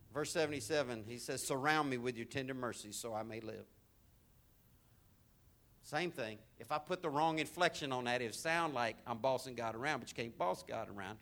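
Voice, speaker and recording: A man preaching a sermon, swinging between loud, emphatic exhortation and soft, intimate asides, with repeated phrases. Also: medium pitch, normal speed.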